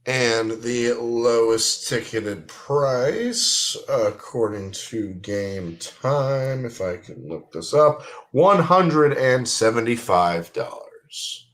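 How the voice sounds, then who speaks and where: A man hosts a casual football picks show at an unhurried pace. He steps through each game's odds, referee and ticket prices. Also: mid-range voice, animated, fairly bright tone. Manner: unhurried, runs the segments by asking for referee, announcers and ticket prices. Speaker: podcast host. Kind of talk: casual sports pick'em show.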